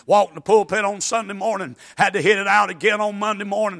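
A man preaching a fiery sermon, with a weak, worn voice, swinging from folksy asides into chanted, shouted climaxes. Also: sits high, steady tone, quick pace, gravelly.

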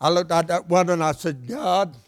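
An older man preaching a sermon, repeating lines for emphasis and swinging between loud and hushed delivery. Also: a little high, fairly even intonation, quick pace.

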